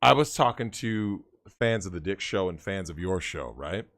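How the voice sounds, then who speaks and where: A man telling a story in casual chat, animated, swearing and repeating himself. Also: low voice, moderate pace. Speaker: guest.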